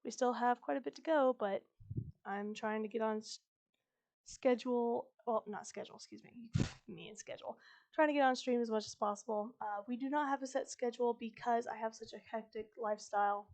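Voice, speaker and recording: A woman streamer chatting casually before reading a book aloud, her voice slightly croaky, talking in a chatty, rambling, upbeat way. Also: a little high, steady tone, brisk, darkish tone. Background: fantasy music playing faintly.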